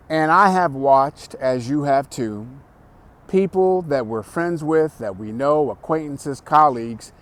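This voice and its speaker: A man giving a motivational talk, speaking emphatically and repeating his key phrases. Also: a little high.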